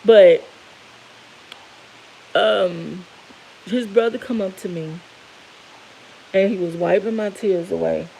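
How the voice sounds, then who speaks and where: A woman's voice: mid-range voice, slow pace, vocal fry, long pauses, mellow, a little hiss or hum, poor audio. A middle-aged woman candidly telling viewers an emotional personal story, tearful at moments. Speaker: vlogger.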